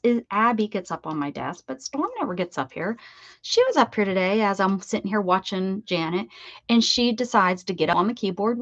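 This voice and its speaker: This crafting livestream host speaks at medium pitch with a fairly bright tone, chatting casually as she works from her home craft room. She greets viewers by name and talks to her pets, all captured in dull lo-fi stream audio.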